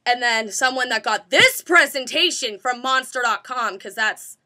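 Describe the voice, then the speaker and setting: A young woman recounts a silly memory in casual chat. Her voice is high and bright, and she slips into impressions and laughter as she goes. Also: normal speed. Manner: animated, imitates a presenter, laughs often. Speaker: guest storyteller. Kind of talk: casual comedic storytelling.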